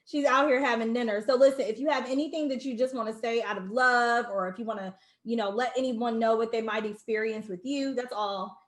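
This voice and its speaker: A woman's voice: fairly high pitch, fairly even intonation, fairly quick, hardly any pauses, echoey room. Effusive woman hosting a live video call. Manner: warm, emotional, effusive, greets viewers by name. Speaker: host of an online launch party.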